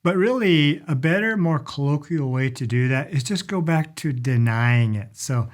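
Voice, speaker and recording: A man's voice: on the high side, lively intonation, moderate pace. A middle-aged man explaining travel phrases in a casual instructional talk, demonstrating them with stretched vowels. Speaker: language and culture teacher.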